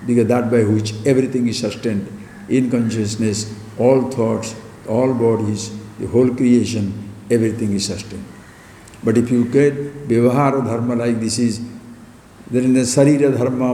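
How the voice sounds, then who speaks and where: Male spiritual teacher, mellow voice, questioning and repetitive delivery, recorded in a reverberant hall. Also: mid-range voice, a little hiss or hum. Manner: rhetorical questions, repeated emphatic phrases. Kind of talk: spiritual discourse. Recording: echoey hall with long reverb.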